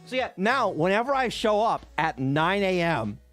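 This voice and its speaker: A man streamer telling casual stories on a live stream, animated, swearing and laughing often. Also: sits high, moderate pace, soft background music.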